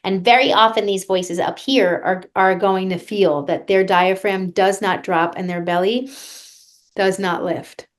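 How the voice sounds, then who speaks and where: A woman's voice: medium pitch, fairly even intonation, a little slow. A woman vocal coach being interviewed on a podcast, talking earnestly and guiding listeners through a breathing exercise.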